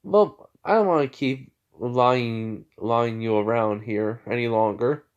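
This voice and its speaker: A man's voice: mid-range voice, slow, clear, resonant tone. A man voicing a brash young man who cracks puns, speaking casually in a joking way. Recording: slightly muffled lo-fi audio.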